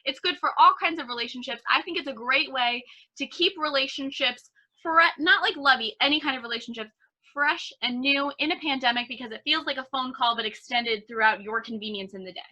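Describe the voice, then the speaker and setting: With a high-pitched voice running a little fast, a twentysomething woman co-hosting a podcast chats animatedly and tells stories, leaning heavily on the word "like."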